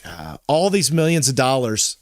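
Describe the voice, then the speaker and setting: A man's voice: mid-range voice, sing-song, normal speed, dry recording, clean studio sound. A man hosting a podcast in casual chat, rambling with frequent restarts and self-corrections. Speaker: podcast host.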